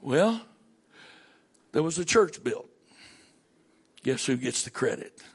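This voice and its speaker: Gravelly Southern preacher, swooping pitch. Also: male voice, big pitch swings, slow pace. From southern United States. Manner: swings between shouted emphasis and hushed near-whispers. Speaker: pastor. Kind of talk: sermon.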